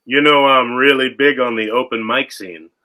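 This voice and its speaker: A man playing as a comedian panelist on a comedy game show, delivering punchlines in a deadpan way. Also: mid-range voice, moderate pace.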